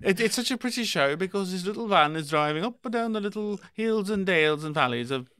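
A man's voice: sits high, smooth, no room sound, studio quality. Jokey South African male co-host. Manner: animated, quick to joke. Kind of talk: comedy trivia banter.

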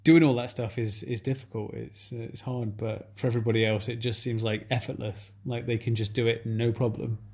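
A man in casual chat, talking in a flat, hesitant, self-reflective way with many pauses and fillers. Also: medium pitch, vocal fry.

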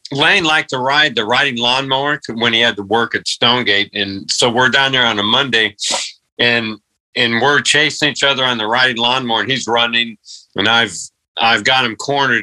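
A man's voice: medium pitch, bright, forceful tone, poor audio. A man in casual conversation who chimes in with his own anecdotes about an old friend. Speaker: friend joining the storytelling. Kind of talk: casual chat.

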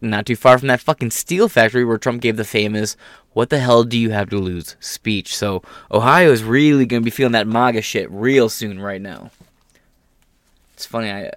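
Male commentary host, low voice, dry close mic, blunt and sarcastic, swears. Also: no room sound. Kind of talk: casual political commentary vlog.

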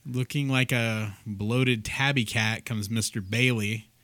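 A man's voice: medium pitch, fairly even intonation, takes it slowly, a bit bright, no room sound. A man co-hosting a podcast, telling stories in a blunt, sarcastic way with some swearing. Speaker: podcast co-host. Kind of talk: casual storytelling chat.

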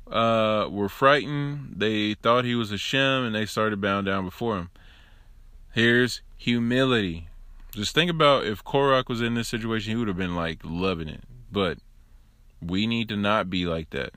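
A man's voice: on the low side, measured pace, bright, forceful tone, no room sound, studio quality. A man giving an informal Torah teaching alone into his own recording device, conversational and emphatic, with joking asides. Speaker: religious teacher.

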